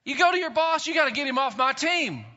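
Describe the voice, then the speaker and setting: A pastor preaching a sermon in an animated way, acting out quotes and swinging between loud and soft. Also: male voice, extremely high pitch, quick pace. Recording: dull sound in a long-reverb hall.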